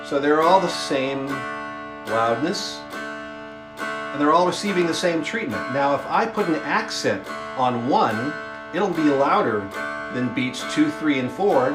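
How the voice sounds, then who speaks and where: A man with a slightly high, animated voice gives a beginner music lesson, counting beats and explaining time signatures. He counts slowly and patiently while strumming, demonstrating as he teaches. The recording sounds roomy, with the instrument audible.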